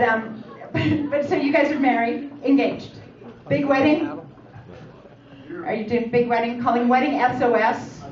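A woman in her forties doing a chatty stand-up set in a comedy club, teasing the audience with questions. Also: fairly high pitch. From Canada. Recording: echoey, distant, muffled club recording. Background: audience laughter and crowd.

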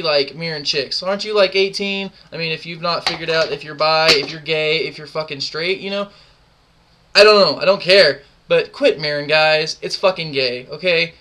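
Young guy in his 20s going off, cussing and mocking, kinda high bright voice. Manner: profane, defiant, mocking. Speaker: gaming clan member. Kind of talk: ranting video monologue.

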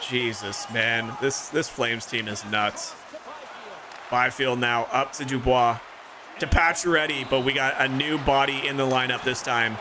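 A young man streaming a hockey video game, calling the plays like a sportscaster and reacting with excited outbursts. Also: mid-range voice, a little slow, noisy background. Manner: excitable play-by-play, rising to shouts. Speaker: gaming streamer. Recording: music playing clearly behind.

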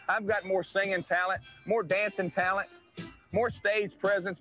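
A man's voice: sits high, pitched above the performer's own voice. A man with a Tennessee accent playing a boastful, mocking country-singer wrestler in a twangy promo voice. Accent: Southern US (Tennessee). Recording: archival clip with loud guitar music.

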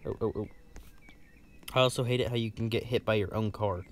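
A man's voice: lowish voice, brisk. A man in casual gameplay commentary, chatty and rambling, laughing often at home. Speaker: gaming channel host. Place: indoors at home, bunk bed. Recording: loud background noise.

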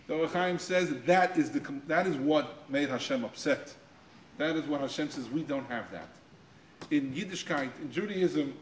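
A man speaking to high school students on Torah, acting out quoted voices with jumps in pitch and often repeating words as he finds his phrasing, in an echoing school room. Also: slight background noise. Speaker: guest speaker.

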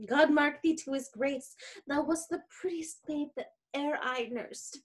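A woman's voice: high voice, a little slow. A woman reading the part of a chatty, crude old nurse in a casual play reading, rambling and laughing as she goes. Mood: fond. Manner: giggly, rambling, breaks into laughter. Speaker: reader.

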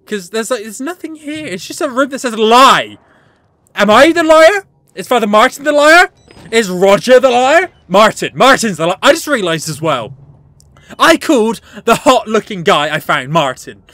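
A woman commentates her way through a horror game, jumpy and joking, swearing freely and talking back to the characters. Her voice sits high and swings widely in pitch. The sound is close and dry, with no room around it. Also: normal speed, no room sound. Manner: animated and joking, laughs often. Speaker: gaming channel host.

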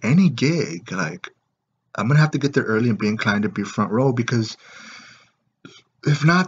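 A man's voice: medium pitch, breathy edge. A man ranting casually to camera in a profane, rambling way, full of filler words. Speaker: vlogger. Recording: dull lo-fi recording.

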